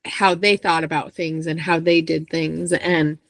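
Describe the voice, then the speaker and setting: A woman's voice: deep voice, level tone, measured pace, gravelly, dry recording, clean studio sound. A woman hosting a podcast, talking reflectively and thinking aloud with restarts. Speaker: podcast host. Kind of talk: casual chat.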